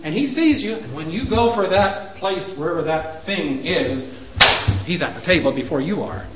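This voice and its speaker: Animated man in his fifties lecturing. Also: on the high side, normal speed, slight background noise. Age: 50s. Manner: animated, voice swings up for emphasis, chuckles at himself. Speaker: speaker on parenting. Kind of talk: lecture to parents. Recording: roomy, dull lo-fi recording.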